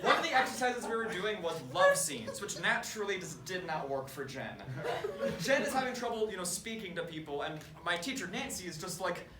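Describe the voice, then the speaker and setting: A young man doing stand-up storytelling on stage, animated and self-mocking. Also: high voice, brisk, heavy background noise. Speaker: stand-up comedian. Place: comedy stage before an audience. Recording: roomy stage, far mic, loud laughter. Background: audience laughter.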